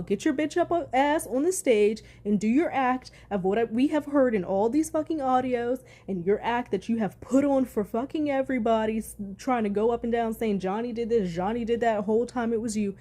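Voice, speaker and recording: An angry woman rants straight into her vlog, swearing constantly and reading news aloud between outbursts. Her voice sits a little high, yet it sounds mellow and warm rather than bright. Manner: heated, profane ranting, reads news aloud. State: furious. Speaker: commentator.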